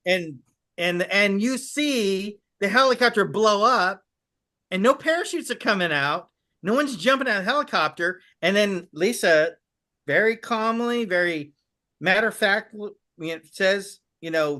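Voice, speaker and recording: Man, podcast guest, bright higher voice, eager and rambling, acts out quotes. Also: lively intonation, normal speed. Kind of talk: casual interview chat.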